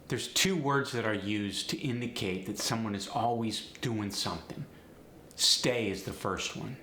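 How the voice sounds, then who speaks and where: A man, a dialect coach, explaining in a clear, measured teaching manner. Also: fairly low pitch, pushed and bright. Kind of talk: instructional explanation. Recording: roomy echo, faint noise.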